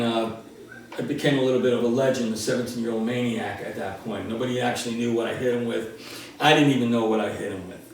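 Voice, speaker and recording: A man in his sixties, a martial arts instructor telling a story in an animated, laughing way. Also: medium pitch, a little hiss or hum. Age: 60s. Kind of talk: casual storytelling. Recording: roomy, distant from the mic.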